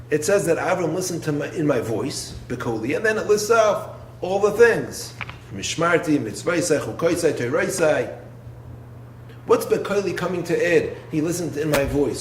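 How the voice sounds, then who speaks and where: A man, a rabbi, giving a Torah lecture in an expressive way, posing rhetorical questions and swinging from low, quiet phrases to raised ones. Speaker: rabbi and yeshiva head. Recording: roomy echo with faint background noise.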